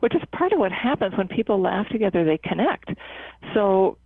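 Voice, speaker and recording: A psychotherapist who leads a laughter club at a cancer center, answering interview questions in an earnest, measured way with frequent fillers and restarts. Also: medium pitch, big pitch swings, gravelly, no echo. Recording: tinny phone-like line, dry.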